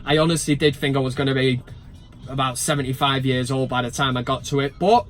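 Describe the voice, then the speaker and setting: A man's voice: medium pitch, steady tone, fairly quick, soft background music. A man chatting casually to camera about his football club from inside a van, full of jokey, sweary banter and mock outrage. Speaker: football fan vlogger.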